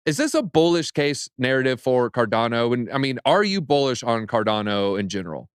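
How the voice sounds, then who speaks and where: A man hosting a casual panel chat, brisk and joking as he reads news aloud. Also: medium pitch, animated, clean tone, dry recording, clean studio sound. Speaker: show host.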